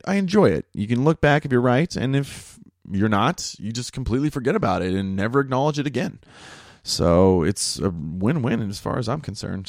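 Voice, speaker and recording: A man hosting a casual monologue, rambling and crude, joking and laughing at his own jokes, jumping high in pitch when he gets worked up. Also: no room sound, studio quality.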